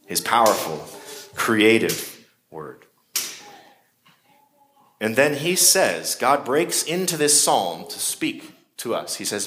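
A man's voice: fairly low pitch, sing-song, slow, pauses often, a bit bright. A man preaching a sermon in a conversational way, with shifting emphasis. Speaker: pastor.

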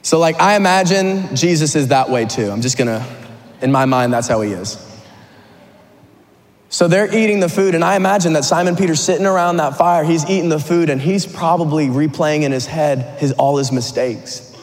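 A man preaching a sermon, retelling a story in an animated, conversational way with some humor. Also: on the high side, normal speed. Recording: long hall reverb.

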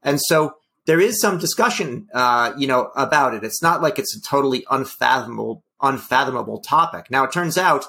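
A man's voice: mid-range voice, lively intonation, normal speed, creaky, hardly any pauses, pushed and bright, a little hiss or hum. A man co-hosting a health policy talk show, speaking in a wry, hedging way with many fillers. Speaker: podcast co-host. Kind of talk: casual policy discussion.

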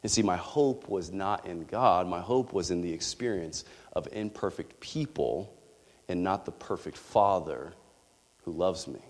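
A man's voice: low voice, measured pace, a little mellow, long reverb tail. A man preaching a sermon, telling a candid personal story with rising passion.

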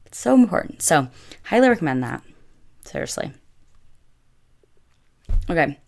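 Low-voiced chatty young woman. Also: big pitch swings, unhurried, creaky. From United States. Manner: chatty, filler-heavy, lots of "like". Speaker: vlogger. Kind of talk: casual storytelling.

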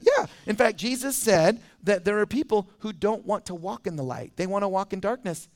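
A man preaches with a fairly high voice. He talks to the congregation in a relaxed way, often slipping into quoted voices to make his point. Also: brisk, few pauses. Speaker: pastor. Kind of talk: sermon.

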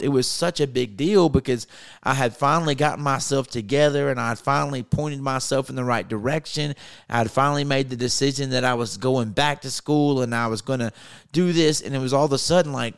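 A man preaching in an earnest storytelling way, often halting and restarting as he recounts a personal story. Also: medium pitch, clean tone, dry recording, studio quality. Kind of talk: storytelling sermon.

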